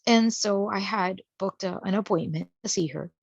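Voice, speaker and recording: A woman's voice: mid-range voice, normal speed, vocal fry, slightly rough, dry recording. A woman casually telling a personal story in a chatty way, acting out the people she quotes. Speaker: guest sharing a spiritual experience. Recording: dull, dry lo-fi sound.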